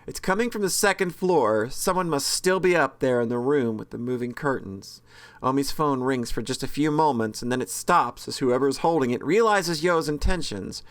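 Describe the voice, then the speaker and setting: A man's voice: mid-range voice, normal speed. A man reading a horror visual novel's narration aloud with casual, joking asides and frequent self-corrections. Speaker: let's-play host reading a visual novel.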